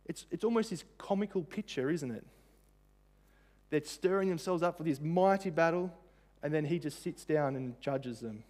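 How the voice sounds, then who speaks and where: Man preaching in a slightly high voice. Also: animated, moderate pace, a little mellow. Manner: conversational, with frequent fillers and rhetorical questions. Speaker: pastor. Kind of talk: sermon.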